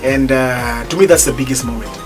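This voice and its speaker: A gospel singer from East Africa, a man, telling stories animatedly in an interview, bursting into loud exclaims when excited. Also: medium pitch, brisk, music in the background.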